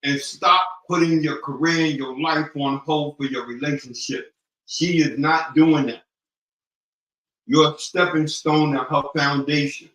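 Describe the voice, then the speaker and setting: A man's voice: fairly high pitch, fairly even intonation, measured pace, fairly bright tone, echoey room, rough recording. A man in casual chat, giving blunt relationship advice like sayings.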